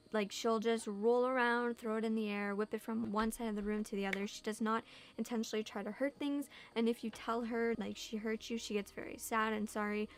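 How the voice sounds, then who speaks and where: A young woman chatting casually in a home vlog, answering viewer questions and saying "like" a lot. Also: on the high side. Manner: chatty, heavy use of "like". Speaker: vlogger. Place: home room.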